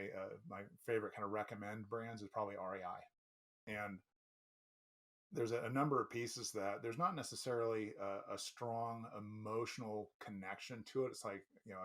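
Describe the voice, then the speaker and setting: Low-voiced thoughtful male guest. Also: a bit bright. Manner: thoughtful, rambling with restarts and fillers. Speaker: interview guest, company president. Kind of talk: casual interview chat.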